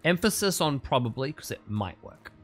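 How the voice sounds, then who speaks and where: A man's voice: mid-range voice, very animated, normal speed, a bit bright, soft background music. A man streaming a game, giving cheeky, scheming commentary with chuckling asides. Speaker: streamer playing a social deduction game. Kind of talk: gameplay commentary.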